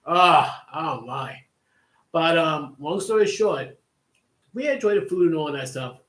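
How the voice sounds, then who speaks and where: A man's voice: a little high, expressive, unhurried, a bit bright. A man hosting a livestream, telling a long casual story that rambles with many restarts and asides. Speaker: livestream host. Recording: echoey room.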